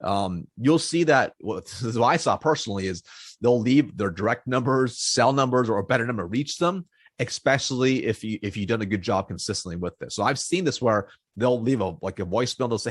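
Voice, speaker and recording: Husky-voiced man coaching sales. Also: medium pitch, a little fast, no echo, clean studio sound. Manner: direct, repeats points, many okays and all rights. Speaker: sales trainer. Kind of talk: casual teaching to camera.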